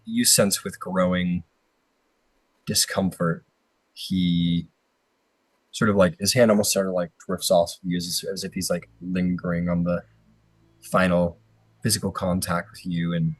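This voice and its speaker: A man's voice: low voice, little pitch movement, measured pace, long pauses, husky, dry recording, poor audio. A man narrating as game master, rambling and hedging with lots of fillers.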